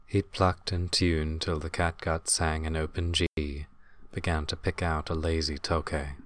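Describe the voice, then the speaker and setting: A man narrating a fantasy audiobook in a measured, descriptive reading. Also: extremely low pitch, flat delivery, fairly bright tone, dry recording.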